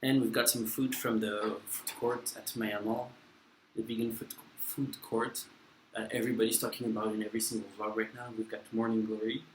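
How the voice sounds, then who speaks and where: A man's voice: lowish voice, little pitch movement, normal speed, a little hiss or hum. A man in his twenties, not an English speaker, chatting casually and self-deprecatingly through a mukbang vlog with plenty of fillers. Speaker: vlogger. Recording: echoey room with faint ambience.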